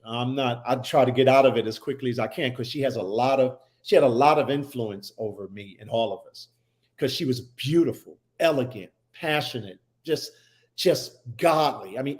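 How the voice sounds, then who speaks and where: A man's voice: medium pitch, a little mellow. A man who is a guest on a talk show, telling a personal story with emphasis and many restarts. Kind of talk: personal storytelling in casual chat.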